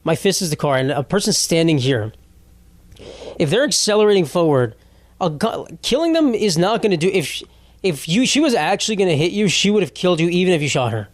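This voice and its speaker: A man's voice: high-pitched, big pitch swings, a little fast, no room sound. Rambling, profane male podcast host. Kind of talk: casual solo podcast rant.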